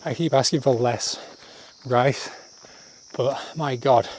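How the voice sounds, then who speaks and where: A man's voice: mid-range voice, extremely slow, darkish tone, a little hiss or hum. Breathless laughing man vlogging on a walk. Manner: self-deprecating, laughs often, rambling asides. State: out of breath while walking uphill. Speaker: travel vlogger. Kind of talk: casual walking vlog monologue. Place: outdoors on village paths.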